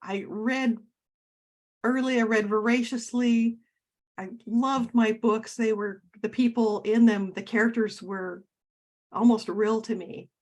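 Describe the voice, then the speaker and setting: A woman's voice: a little high, fairly even intonation, slow pace. Chatty woman from Oregon. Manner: warm, chatty and reminiscing, with fillers and restarts. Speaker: guest author. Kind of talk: casual interview chat.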